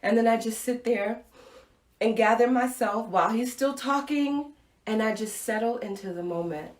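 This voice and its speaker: A woman hosting a live-streamed inspirational talk, telling a personal story with animated acted-out reactions and dropping to a soft, intimate voice for key points. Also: fairly high pitch, normal speed, reverberant. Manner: animated storytelling, acts out her own reactions. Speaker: host. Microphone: Facebook Live stream, webcam or phone mic.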